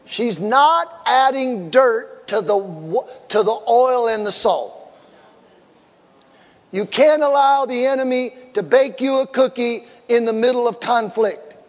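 A middle-aged man preaching a sermon as a pastor, animated and acting out the voices in his stories. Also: high-pitched, long reverb tail.

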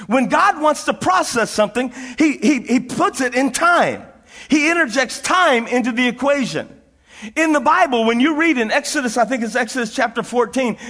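A man's voice: very high-pitched, fairly bright tone. A middle-aged man preaching a sermon as a pastor, telling folksy stories with frequent laughter and repeated phrases for emphasis. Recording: long reverb of a large hall.

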